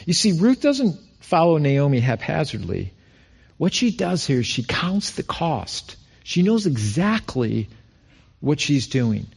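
A middle-aged male pastor from Rochester, New York, preaching a sermon and acting out quoted lines with rising pitch. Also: sing-song, measured pace, vocal fry, darkish tone, slightly rough.

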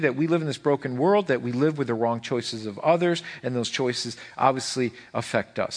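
Impassioned higher-voiced male pastor preaching. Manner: impassioned, repeats phrases, voices God in quotes. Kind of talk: sermon.

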